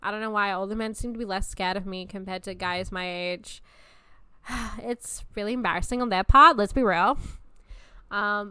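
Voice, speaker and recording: Blunt, bright-voiced young woman. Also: medium pitch, creaky, clear, resonant tone, no echo. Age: 20s. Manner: blunt, profane and animated. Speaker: podcast host. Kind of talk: casual chat.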